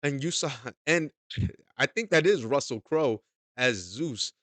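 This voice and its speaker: A man's voice: medium pitch, expressive, takes it slowly, fairly bright tone, dry recording. A man giving a casual, emphatic movie review, often repeating himself and checking in with "okay?". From United States.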